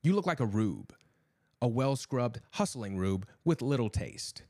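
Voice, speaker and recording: A man's voice: mid-range voice, very animated, unhurried, darkish tone. A man voicing a menacing, cultured imprisoned killer who talks in a cold, sneering, cryptic way.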